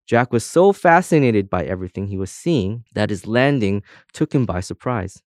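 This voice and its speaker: A man narrates a storybook with expressive, lively storytelling. His voice sits fairly low, and the recording is dry and close to the mic. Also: normal speed, no room sound. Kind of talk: audiobook narration.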